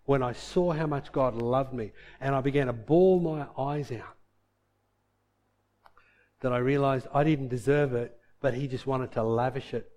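A man's voice: a little high, a little mellow. A middle-aged man preaching a sermon as pastor, earnest and impassioned, often acting out the voices of believers.

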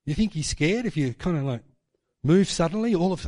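Man, sermon, high voice, animated, mock voices for quotes, long hall reverb. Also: a little fast. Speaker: preacher.

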